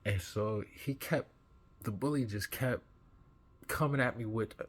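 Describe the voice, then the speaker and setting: Husky man retelling a dream. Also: mid-range voice, moderate pace. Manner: earnest, animated retelling with acted-out quotes. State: just woken up. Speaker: vlogger. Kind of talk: recounting a dream.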